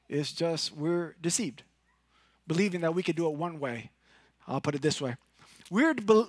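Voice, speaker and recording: Pastor from Puerto Rico, male, high-pitched, dry close sound, animated loud-to-hushed sermon delivery. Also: no echo. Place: church sanctuary.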